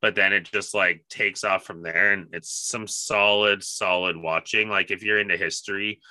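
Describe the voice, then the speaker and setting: Enthusiastic man with a very bright voice. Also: low-pitched, steady tone, moderate pace. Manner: enthusiastic, swears casually. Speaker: podcast co-host. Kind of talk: casual chat.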